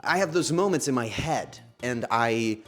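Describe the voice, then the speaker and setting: A man streaming casually from home, talking to his chat in an emotional, halting way and breaking into sudden excited outbursts. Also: mid-range voice, soft background music. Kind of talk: casual livestream chat to viewers.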